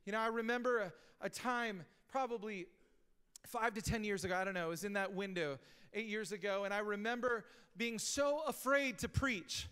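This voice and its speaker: High-voiced, bright pastor preaching in a hall. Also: male voice, normal speed, clean tone. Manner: casual, conversational preaching that builds to shouted emphasis. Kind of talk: sermon. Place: church sanctuary, recorded live. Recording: live church hall reverb.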